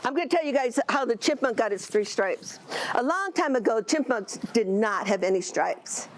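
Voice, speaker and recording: Expressive woman telling a traditional story. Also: fairly high pitch, normal speed, a little hiss or hum, low-quality recording. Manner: animated, expressive, with asides. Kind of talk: oral storytelling to an audience.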